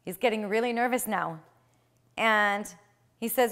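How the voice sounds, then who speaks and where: A woman retelling a traditional tale aloud, with swings in loudness and slowed, dramatic phrases. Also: a little high. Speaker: storyteller.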